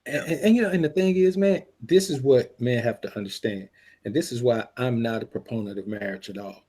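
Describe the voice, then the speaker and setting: A man's voice: mid-range voice, fairly quick, dark tone, slightly rough. A man co-hosting a podcast, talking bluntly and profanely in a lecturing way. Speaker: podcast co-host. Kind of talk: casual podcast talk.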